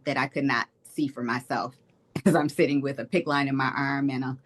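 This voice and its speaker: A woman's voice: a bass voice, fairly even intonation, brisk. Earnest woman telling her personal story. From Detroit, Michigan. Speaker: state representative, guest. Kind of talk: personal testimony in an interview.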